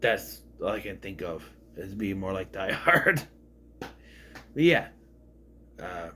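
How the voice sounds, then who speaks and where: A man's voice: very animated, slow, pauses often, slight background noise. A man giving a casual, rambling spoken review of a film, often restarting his sentences. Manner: rambling, restarts, swings in pitch and loudness. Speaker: movie reviewer.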